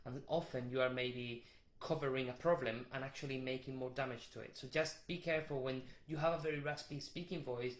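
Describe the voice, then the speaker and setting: A man teaching a vocal warm-up, explaining technique with restarts and short sung demonstrations. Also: medium pitch, echoey room. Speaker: vocal coach.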